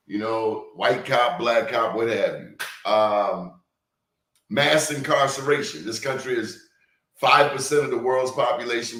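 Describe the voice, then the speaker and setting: A man's voice: mid-range voice, fairly bright tone. Emphatic male host in an echoey room. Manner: emphatic, deliberate, repeats words for stress. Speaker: interview host. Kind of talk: hard-hitting interview. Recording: roomy echo.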